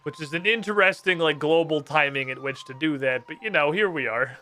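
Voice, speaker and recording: A male streamer giving excitable, profane commentary while playing and reading game text aloud. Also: a little high, fairly quick, soft background music. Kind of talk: casual gaming commentary.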